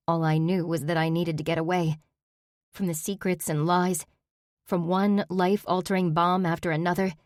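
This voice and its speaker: Low-voiced woman narrating a story. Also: a little mellow, dry recording, clean studio sound. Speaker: audiobook narrator. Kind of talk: first-person scripted narration.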